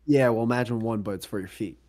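A man's voice: lowish voice, fast talker, darkish tone. A man co-hosting a casual podcast over a remote call, teasing his partner, swearing freely and laughing often. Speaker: podcast co-host.

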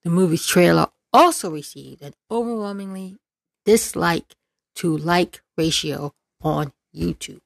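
A woman's voice: on the low side, a little slow, vocal fry, no echo. A woman political commentator who reads out news, then rants in a sarcastic, exasperated way, repeating words for emphasis.

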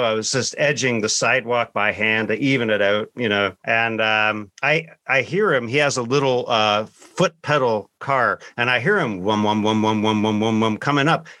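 A man with a bright, tense voice recorded very dry and close, telling a funny story. He is animated and laughs as he talks. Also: mid-range voice, dry recording. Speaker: group member sharing a story. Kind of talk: casual storytelling.

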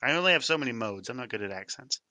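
A man's voice: medium pitch, lively intonation, racing, pushed and bright, dry recording. A man running a tabletop game as game master, giving matter-of-fact rulings.

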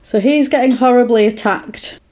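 A woman's voice: on the high side, moderate pace. Woman animatedly retelling a film. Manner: animated retelling with quoted voices and laughs. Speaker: podcast co-host recapping a film. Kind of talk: casual chat.

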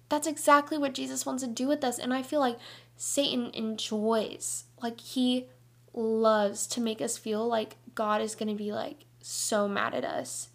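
A young woman with a high, light voice hosts a Christian devotional podcast. She talks earnestly and energetically, chatty and full of casual fillers. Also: fairly even intonation, unhurried, gravelly, fairly bright tone. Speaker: podcast host.

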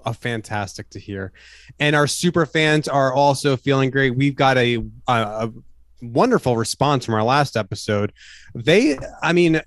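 A man's voice: mid-range voice, lively intonation, normal speed, no echo. A man co-hosting a comedy podcast, with playful, self-mocking banter and stumbling restarts. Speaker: podcast co-host.

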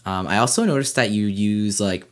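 A man's voice: on the low side, moderate pace. A man hosting a casual podcast, joking around and teasing his co-host. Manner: playful, joking, laughs easily. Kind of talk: casual chat.

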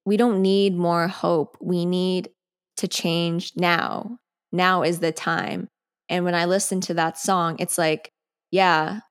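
A woman's voice: fairly low pitch, smooth. Chatty young woman podcasting solo. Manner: chatty, sidetracked, frequent "like". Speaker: podcast host. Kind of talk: casual solo podcast talk.

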